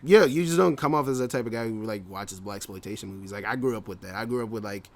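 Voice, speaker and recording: A man's voice: fairly low pitch, quick pace. A man co-hosting a casual podcast, rambling with many fillers and frequent laughs. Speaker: podcast co-host. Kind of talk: casual chat.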